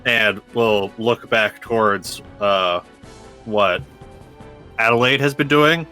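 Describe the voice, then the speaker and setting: A man's voice: lowish voice, slow pace, sharp tone, faint music behind. A man playing a tabletop game, describing his character's moves with many fillers. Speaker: player.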